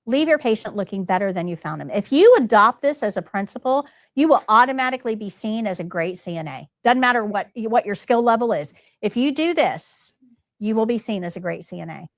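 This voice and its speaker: A woman's voice: mid-range voice, expressive, a little fast, dry recording, clean studio sound. A middle-aged woman teaching a live nursing class, emphatic, repeating key points and quizzing her students. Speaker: nursing instructor.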